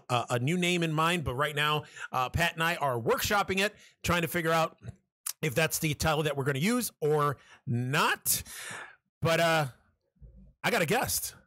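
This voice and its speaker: Man, podcast host, casual chat, fairly high voice, loose and joking, dry close mic. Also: sharp tone, no room sound. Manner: loose and joking, with many fillers.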